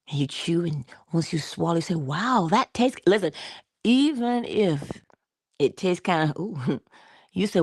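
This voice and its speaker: A woman giving a conversational motivational talk, coaching her listener and dropping into soft whispers for emphasis. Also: deep voice, husky, dry recording, clean studio sound. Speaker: inspirational speaker.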